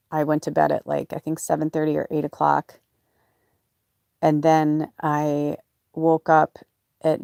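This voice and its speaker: A woman's voice: sits low, vocal fry, darkish tone, no room sound, clean studio sound. A woman podcast host talking in a rambling, emotional way, full of fillers and restarts, in a casual personal monologue. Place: off-grid home or van.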